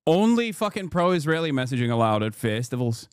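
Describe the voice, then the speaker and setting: A man with a fairly high, expressive voice that's clear and resonant streams while reacting to clips. His commentary is casual, profane, and sarcastic, peppered with quick asides, in studio-quality audio with no echo.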